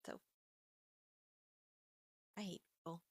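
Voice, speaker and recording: A woman in her thirties hosting a casual live stream, talking in an animated, indignant way and saying "like" often. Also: slow. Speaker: livestream host.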